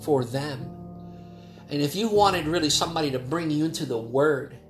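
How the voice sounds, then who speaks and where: A male pastor delivering an earnest devotional sermon. His voice rises into loud, urgent calls and then drops to soft, quiet passages. Soft instrumental music plays faintly underneath. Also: fairly high pitch, moderate pace, reverberant.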